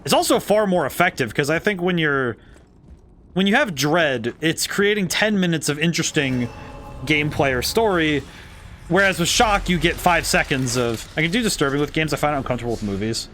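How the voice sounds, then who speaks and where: A man's voice: a little high, lively intonation, brisk, fairly bright tone, a little hiss or hum. A man streaming a game, musing thoughtfully and rambling as he corrects himself mid-sentence. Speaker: game designer streaming gameplay. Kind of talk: casual livestream commentary.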